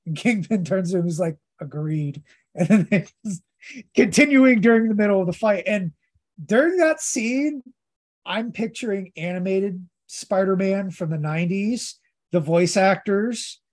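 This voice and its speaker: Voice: mid-range voice, expressive, normal speed, darkish tone. A podcast host giving a casual, rambling recap of a comic story, hesitating often with fillers.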